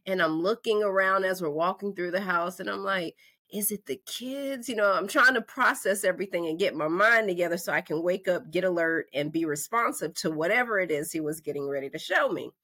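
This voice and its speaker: A woman in her forties from North Carolina, hosting a podcast and telling a story in a lively, conversational way, acting out the voices in her quotes. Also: fairly low pitch, a little fast, few pauses. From North Carolina, USA. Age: 40s. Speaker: podcast host. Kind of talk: casual storytelling monologue.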